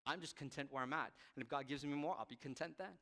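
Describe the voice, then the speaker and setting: A man preaching a youth sermon from a stage, passionate, swinging from loud to quiet. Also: fairly high pitch, quick pace. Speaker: youth pastor. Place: church hall stage. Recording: long reverb of a hall.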